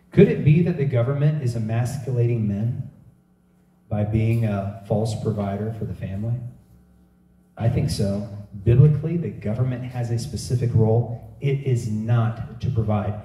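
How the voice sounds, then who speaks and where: A middle-aged man delivering a sermon, jumping into quoted voices as he tells stories. His tone is deep and mellow. The sound carries room echo and is picked up from some distance. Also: normal speed. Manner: animated storytelling preacher acting out quotes. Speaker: preacher. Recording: echoey room heard from a distance.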